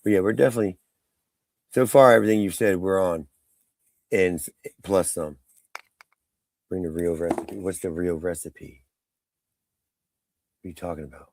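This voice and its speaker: A man's voice: deep voice, fairly even intonation, normal speed, pauses often, a little mellow. A man hosting a casual live stream, rambling through his thoughts and mocking people in the chat. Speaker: livestream host.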